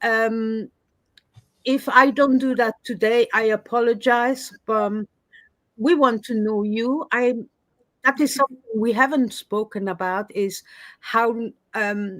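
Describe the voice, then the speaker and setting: A woman's voice: on the high side, a bit bright, no echo. A woman with a Swiss French accent, a native French speaker, hosting a casual live-stream interview with chatty, hesitant talk and frequent laughs. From Switzerland.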